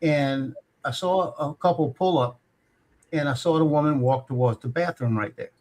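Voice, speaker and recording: A man's voice: on the high side, normal speed, a little mellow. Rambling man spinning a story. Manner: rambling, acts out voices, repeats himself. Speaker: guest drone pilot. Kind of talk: casual storytelling on a live stream.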